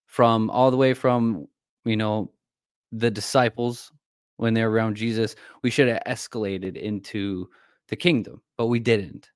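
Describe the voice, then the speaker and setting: A man co-hosts a casual faith talk in a rather low voice. He rambles haltingly and fills gaps with "you know". The sound is dry and close. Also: fairly even intonation, dry recording. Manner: rambling, halting, many fillers. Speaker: podcast co-host.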